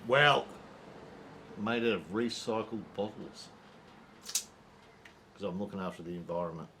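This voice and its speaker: A man's voice: lowish voice, lively intonation, a little slow, noisy background. A man with an Australian accent, co-hosting a casual golf chat in a laid-back way with lots of short agreeing replies. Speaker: avid golfer co-host.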